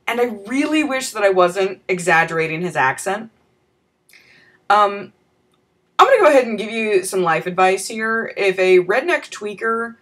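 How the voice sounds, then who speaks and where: A woman vlogger telling a comic personal story in a wry, profane manner with deadpan asides. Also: medium pitch.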